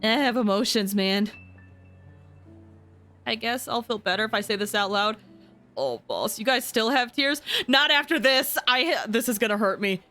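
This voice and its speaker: A woman's voice: a little high, normal speed, bright, forceful tone, soft background music. A young woman streaming a game, talking to herself and her chat while fighting back tears. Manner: emotional, teary, self-talking. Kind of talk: casual live game commentary.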